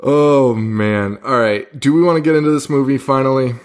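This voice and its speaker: Male podcast co-host, mid-pitched, casual and profane, quick bursts of talk with frequent laughs. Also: steady tone, smooth. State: hungover. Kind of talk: casual chat.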